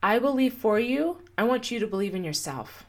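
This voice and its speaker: A woman's voice: a little high, animated, brisk. A young woman hosting a solo motivational podcast, speaking earnestly and encouragingly and putting repeated questions to her listener. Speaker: podcast host and coach.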